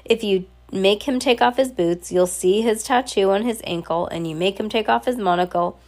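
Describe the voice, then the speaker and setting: A woman's voice: mid-range voice, moderate pace, darkish tone, natural voice. A woman with a cold voicing a brave teenage girl who speaks earnestly and urgently. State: has a cold, scratchy throat.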